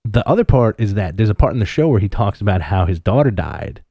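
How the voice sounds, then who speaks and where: A man's voice: fairly low pitch, sing-song, fast talker, mellow, no room sound, clean studio sound. A man from New York co-hosting a comic book podcast, telling stories in a rambling way with lots of fillers. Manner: rambling, filler-heavy storytelling. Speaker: podcast co-host. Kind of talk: casual chat.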